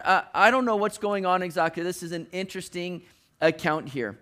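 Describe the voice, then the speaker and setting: Guy preaching like he's just chatting, lots of restarts, pretty high voice. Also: fairly quick, pushed and bright. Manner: conversational, frequent restarts, modern slang asides. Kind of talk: sermon.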